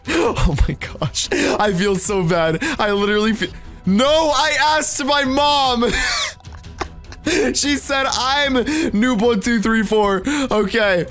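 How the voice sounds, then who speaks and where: A man with a high, youthful voice narrates his gameplay in an excited, teasing way, breaking into giggles again and again. Soft music plays quietly behind him. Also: slow. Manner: giggly, keeps laughing, animated and teasing. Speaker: Minecraft YouTuber. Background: faint background music.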